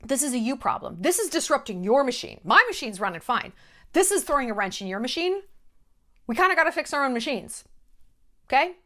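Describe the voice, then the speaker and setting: A woman vlogger talks straight to camera with a fairly high voice that swoops up and down a great deal. She is blunt and emphatic, swears without a second thought, and drives each point home with short, punchy repeats. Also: sing-song, a little fast, bright, forceful tone. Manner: blunt, emphatic and freely profane. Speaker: vlogger host. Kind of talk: direct-to-camera monologue.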